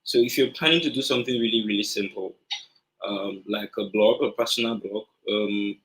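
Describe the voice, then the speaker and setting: A man's voice: on the low side, moderate pace, a bit bright. A man with a Nigerian accent gives a conference talk, with many fillers and restarts. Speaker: conference speaker.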